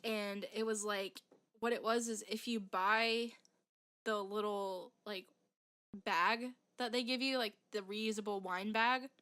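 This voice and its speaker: A woman's voice: medium pitch, steady tone, measured pace, a bit bright, clear, resonant tone. A young woman telling a story as a podcast co-host, rambling and full of "like" fillers. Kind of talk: casual chat.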